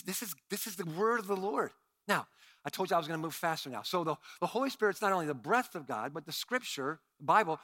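A man preaching a sermon as pastor, swinging between passionate shouting and quiet asides while calling on his congregation to respond. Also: high voice, no echo.

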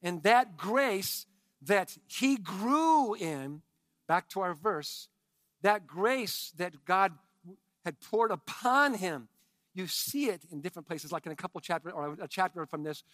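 A man preaching a sermon with emphatic swings from hushed tones to shouting and chatty asides to his congregation. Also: high-pitched, lively intonation, unhurried, no room sound. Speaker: pastor.

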